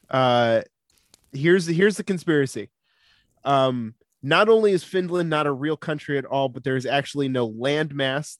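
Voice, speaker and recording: A man's voice: mid-range voice, no echo, studio quality. A man co-hosting a podcast in casual chat, playful and laughing often as he builds up a story. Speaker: podcast co-host.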